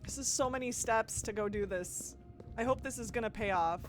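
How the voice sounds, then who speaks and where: A woman's voice: a little high, normal speed, faint music behind. A woman from the American Midwest doing live gameplay commentary as a streamer, musing aloud, giggling and chatting with viewers.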